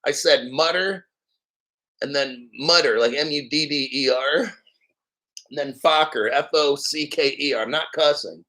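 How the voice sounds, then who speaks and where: A man hosting a crypto show, ranting in crude, profane, sarcastic commentary and reading articles aloud slowly. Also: a little high, lively intonation, pushed and bright, low-quality recording. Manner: reads articles aloud slowly, mocks others in silly voices.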